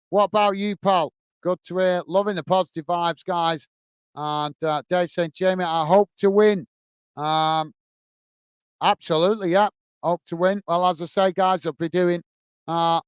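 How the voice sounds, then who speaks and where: A man with a fairly high, clean voice hosts a football fan channel's live stream, reading out viewer comments upbeat and thanking people again and again. There's no echo.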